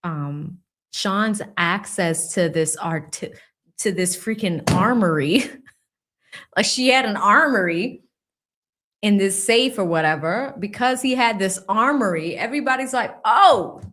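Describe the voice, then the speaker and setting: A woman hosting a casual livestream, reading viewer comments aloud and laughing as she mocks the people she talks about with quick impressions. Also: mid-range voice, animated, a bit bright. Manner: reads viewer super chats aloud, laughing and mocking. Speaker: livestream host.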